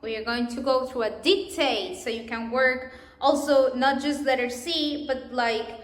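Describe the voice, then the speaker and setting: A woman's voice: high-pitched, fairly even intonation, measured pace. A woman with a Spanish accent, a native Spanish speaker teaching a pronunciation lesson, spelling out letters and example words with care. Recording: echoey room.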